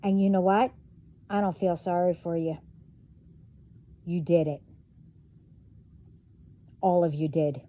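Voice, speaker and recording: A woman's voice: lowish voice, slow, long pauses, narrow, tinny audio. A woman vlogger delivering a profane, confrontational rant straight to her viewers. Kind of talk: angry rant to camera.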